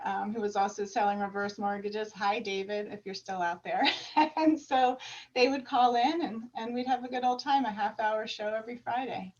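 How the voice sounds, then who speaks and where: A woman guest chatting in a lively way on a video call, laughing often and getting louder when amused. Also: on the high side. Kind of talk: casual interview chat. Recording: distant, dull remote mic.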